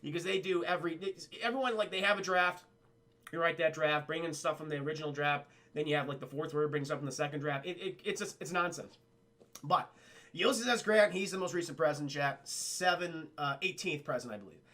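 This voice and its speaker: A man streaming a rambling, profane scene-by-scene film recap to his chat, acting out lines in quick impressions. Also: fairly high pitch, bright, forceful tone. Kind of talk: casual profane movie recap.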